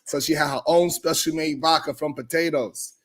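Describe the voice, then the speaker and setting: A man hosting a live stream show, telling a comedic story in an animated, profane way. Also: on the high side, moderate pace. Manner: animated and profane, often laughing.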